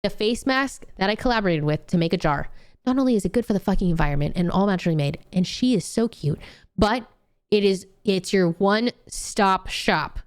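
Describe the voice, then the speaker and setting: Young woman streamer, smooth clear voice, blunt and sweary, scolds with a grin. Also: medium pitch, expressive, fairly quick. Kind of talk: casual chat with viewers.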